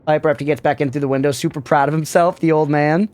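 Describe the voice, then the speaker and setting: Chatty higher-voiced male streamer. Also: steady tone, racing, darkish tone. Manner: joking, chatty, answers chat messages aloud. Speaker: gaming streamer. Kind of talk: casual live-stream chat over gameplay.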